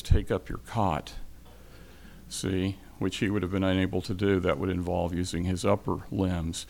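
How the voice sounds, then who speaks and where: A man giving an informal Bible lecture to a class, speaking thoughtfully with many pauses, restarts and fillers. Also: fairly low pitch. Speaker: Bible teacher.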